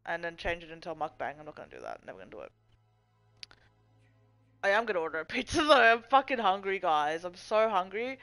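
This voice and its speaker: A woman's voice: lowish voice, sing-song, a little fast, a bit bright, soft background music, low-quality recording. A young woman rambling casually and swearing freely as she answers chat on her live stream from home. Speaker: livestream host.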